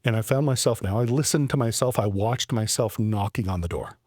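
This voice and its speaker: A man in his forties hosting a podcast, telling a story about himself in an animated, self-deprecating way, with stammered restarts. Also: lowish voice, brisk, dry recording, clean studio sound. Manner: animated, self-deprecating storyteller who acts out his own past lines. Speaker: podcast host. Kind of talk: personal storytelling monologue.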